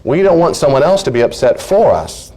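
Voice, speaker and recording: Animated man teaching a class. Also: fairly high pitch, brisk. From United States. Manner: animated, acts out little dialogues in changed voices. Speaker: counselor teaching a marriage class. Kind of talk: conversational teaching talk.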